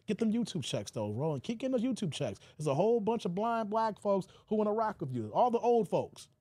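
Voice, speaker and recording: A man giving casual, teasing commentary on his own channel, slangy and quick to laugh. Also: sits high, big pitch swings, dark tone, no echo. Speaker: YouTube commentator.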